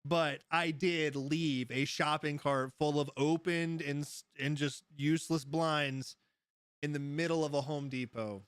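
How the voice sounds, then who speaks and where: A man's voice: on the high side, steady tone, measured pace, clear, resonant tone, dry recording. Male streamer, slightly raised voice, easygoing storyteller who laughs a lot, dry room. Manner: rambling storyteller, laughs often, answers chat. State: high. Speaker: livestream host. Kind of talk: casual live-stream chat.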